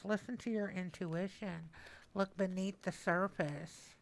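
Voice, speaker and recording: A woman's voice: mid-range voice, a little slow. A woman in her sixties giving a casual, emotional tarot reading, repeating key phrases and often stepping away from the mic. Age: 60s. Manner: animated, repetitive, emotional. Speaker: tarot reader. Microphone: mic that she moves away from at times.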